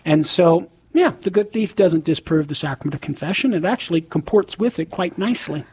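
A man appearing as a guest and explaining religious doctrine in a measured, articulate way. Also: a little high, animated, a little mellow, husky. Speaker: guest apologist.

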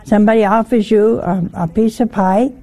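Gravelly older woman preaching folksily. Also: mid-range voice, steady tone, moderate pace, dark tone. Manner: folksy, asks listeners rhetorical questions. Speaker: religious teacher. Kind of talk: sermon.

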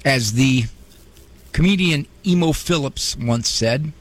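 A man's voice: fairly high pitch, very animated, a little slow, vocal fry, pauses often. A man hosting a radio advice talk show, conversational and humorous with a preachy bent.

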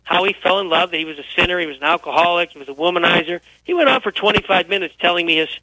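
A man guesting on a radio talk show, telling stories with lively energy while feeling unwell. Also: sits high, rapid-fire, background noise. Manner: energetic, animated storyteller. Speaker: guest, author. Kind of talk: radio interview, storytelling.

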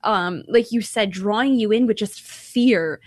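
A woman's voice: mid-range voice, a little slow, no room sound. A woman from Ireland co-hosting a Catholic radio talk show, chatty and enthusiastic as she invites calls.

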